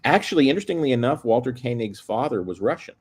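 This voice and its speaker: A man's voice: mid-range voice, animated, quick pace, slightly rough. A man appearing as a guest on a live panel, joking in a wry way. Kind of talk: casual live panel chat.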